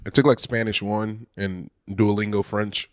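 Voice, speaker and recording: A man from the show's crew chatting casually, giving brief, low-key answers when the hosts ask him questions. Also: little pitch movement, normal speed, fairly bright tone. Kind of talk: casual chat.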